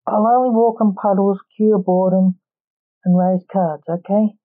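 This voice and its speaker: Woman reading a deadpan young sorcerer man. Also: mid-range voice, measured pace, narrow, tinny audio, close to an everyday voice. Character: insane young male sorcerer, dark humor.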